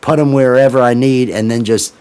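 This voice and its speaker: A man hosting a casual livestream, talking in a loose, rambling way with swearing and excitable restarts. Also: medium pitch, fairly quick, clean tone. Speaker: livestream host. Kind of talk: casual chat.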